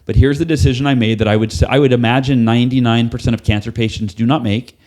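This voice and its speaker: Man guest on a podcast, mid-range voice, lively storyteller who voices the people in his story. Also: medium pitch, quick pace. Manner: animated, acts out quoted dialogue, casual swearing. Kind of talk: storytelling in a conversational interview.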